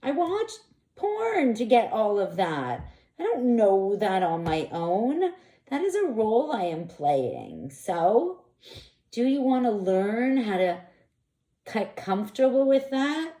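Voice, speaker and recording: A woman's voice: on the high side, slow. A woman speaking frankly and expressively as an intimacy coach, in a candid monologue. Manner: frank, expressive, animated bursts. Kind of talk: candid direct-to-camera monologue. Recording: echoey room.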